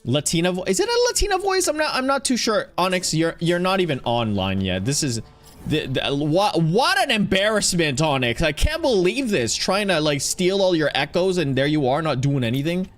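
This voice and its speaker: A chatty man streams a game and talks to his chat in a rambling, easygoing way. His pitch sits a bit high and swings all over. Faint game music plays under his voice. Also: sing-song, moderate pace, fairly bright tone. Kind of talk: casual chat while playing.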